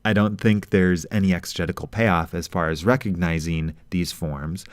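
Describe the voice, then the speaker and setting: A man teaching a grammar lesson in a measured, explanatory way, reading verses out slowly. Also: low voice, steady tone, clear, resonant tone, no room sound.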